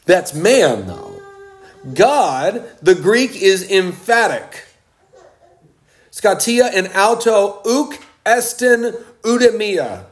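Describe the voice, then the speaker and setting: A man preaching a sermon, slow and emphatic, with dramatic pauses. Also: sits high, very animated, soft background music.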